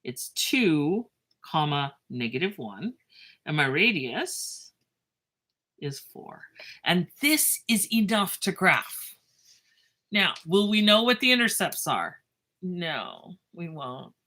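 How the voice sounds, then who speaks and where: Chatty low-voiced woman teaching math. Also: takes it slowly. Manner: chatty, self-mocking, lively asides. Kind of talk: casual math lesson.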